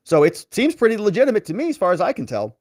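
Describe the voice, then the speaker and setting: In a clean studio with no echo, a fast-talking lawyer with a high-pitched voice animatedly reads out political letters. He punctuates them with sneering, sarcastic remarks.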